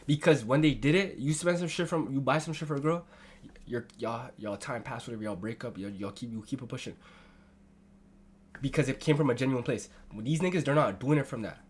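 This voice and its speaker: A man reacting to a video on stream, chatting casually, excitable and swearing a lot. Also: mid-range voice, breathy edge.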